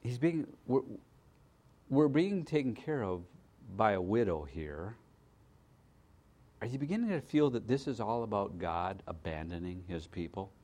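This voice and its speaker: Man preaching in a conversational teaching tone. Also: fairly low pitch. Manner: conversational, checks in with listeners; swings between loud emphasis and hushed asides. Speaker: pastor. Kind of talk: sermon.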